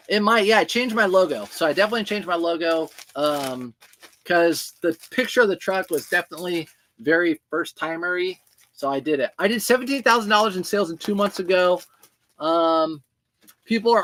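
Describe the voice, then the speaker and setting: A man with a high voice hosts a casual livestream about reselling clothes. He talks in a loose, chatty way and answers viewer comments as they come in. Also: a bit bright.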